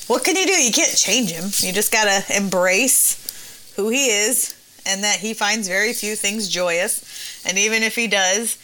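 Woman in her 30s chatting on a podcast, laughs a lot, bright voice, bit of hiss. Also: medium pitch, takes it slowly, low-quality recording. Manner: laughs often, sarcastic storytelling. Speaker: podcast co-host. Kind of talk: casual chat.

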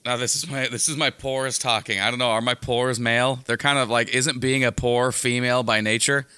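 A man's voice: medium pitch, fairly even intonation, fairly quick, bright, forceful tone, clear, resonant tone. A man co-hosting a podcast in casual comedic banter, rambling and cutting himself off on jokey tangents. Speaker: podcast co-host.

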